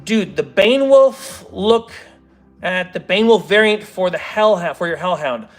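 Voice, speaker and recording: Casual streamer, male, high voice, rambly and self-interrupting, faint music underneath. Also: lively intonation, a little slow. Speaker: streamer building models. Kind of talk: casual livestream chat reading comments.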